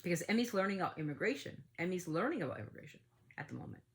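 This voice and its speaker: A woman's voice: on the low side, sing-song, very fast. A woman hosting a family podcast, talking in a heated, outspoken way and swearing freely. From United States. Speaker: podcast host. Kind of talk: casual opinion talk.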